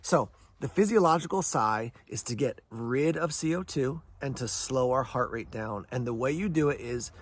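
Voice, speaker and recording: A man's voice: medium pitch, expressive, moderate pace, hardly any pauses. A man hosting a survival channel, talking casually to camera and explaining things step by step, answering questions he imagines from his viewers. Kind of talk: casual instructional talk to camera.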